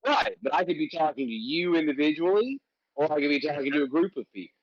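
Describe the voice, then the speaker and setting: A man's voice: on the high side, expressive, quick pace, no echo, highs cut off. A man from Alabama with a Southern accent, hosting a casual livestream chat and teasing his co-host. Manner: joking, teasing banter.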